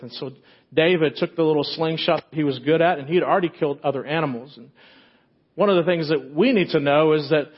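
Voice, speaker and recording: A man's voice: fairly high pitch, fast talker, husky, dull audio. A man pastor preaching a sermon in a church, retelling a story in a casual, joking way.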